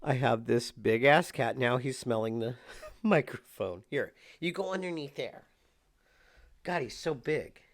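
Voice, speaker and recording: A man's voice: mid-range voice, lively intonation, unhurried, dry recording. A man from Southern Oregon hosting a solo stream-of-consciousness podcast from home, rambling and swearing freely, restarting sentences mid-thought. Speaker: podcast host and performing artist. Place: at home with his cat.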